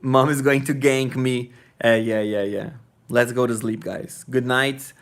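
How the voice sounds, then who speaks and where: A man's voice: medium pitch, steady tone, unhurried. A young man with a Brazilian Portuguese accent, Portuguese his first language, chatting casually as a livestream host and rambling, restarting and joking.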